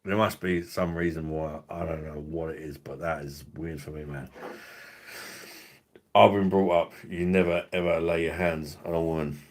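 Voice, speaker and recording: Male livestream host, low voice, crude and sweary, loose rambling delivery. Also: steady tone, normal speed. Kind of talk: casual livestream chat.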